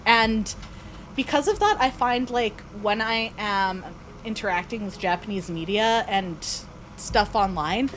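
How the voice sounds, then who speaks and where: A woman's voice: mid-range voice, animated, a little slow, fairly bright tone, a little hiss or hum, rough recording. Chatty woman streamer, rambling. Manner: rambling, many fillers and restarts. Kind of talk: casual chat while gaming.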